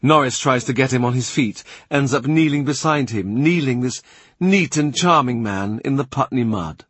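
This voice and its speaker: Man narrating literary fiction, husky and dry, understated. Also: medium pitch, expressive, normal speed, a bit bright, no room sound. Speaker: audiobook narrator.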